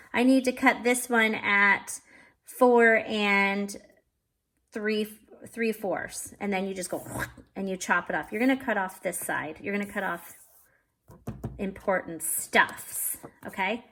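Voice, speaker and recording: A woman's voice: medium pitch, a bit bright. A woman hosting a casual card-making tutorial, chatty and self-deprecating, talking straight to viewers while she works and sounding a bit out of breath.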